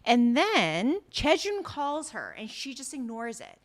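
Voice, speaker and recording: A woman's voice: sits high, takes it slowly. A woman co-hosting a podcast, casually recapping a drama episode and acting out the characters' lines with frequent laughter. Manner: lively storyteller acting out characters, laughs often. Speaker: podcast co-host.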